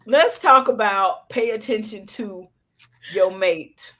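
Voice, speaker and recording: A woman's voice: medium pitch, slow pace, pushed and bright. A woman co-hosting a podcast, recapping a TV episode in casual chat and scolding the characters emphatically. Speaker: podcast co-host.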